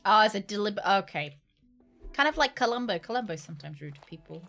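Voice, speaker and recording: A woman's voice: medium pitch, lively intonation, fast talker, a bit bright, soft background music. A woman chatting through a livestream game, laughing often and rambling in jokey asides. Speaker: streamer. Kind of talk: gaming livestream commentary.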